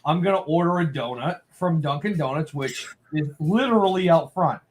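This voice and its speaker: A man's voice: fairly high pitch, expressive, normal speed, slight background noise. A man hosting a casual live talk show, telling a funny story with lots of laughter. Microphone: own mic at home.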